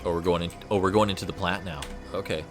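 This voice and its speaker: Male gaming streamer, lowish voice, casual and rambling, game music behind. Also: steady tone, fast talker. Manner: laid-back, thinking aloud, repeats words. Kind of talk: casual gameplay commentary. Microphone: USB desk microphone.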